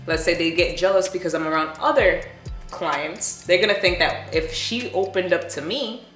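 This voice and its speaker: A woman tattoo artist chatting as a guest, telling stories in a blunt, animated way with plenty of swearing. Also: low-pitched. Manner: animated, blunt and profane, laughs often. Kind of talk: casual storytelling chat. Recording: roomy echo with faint music.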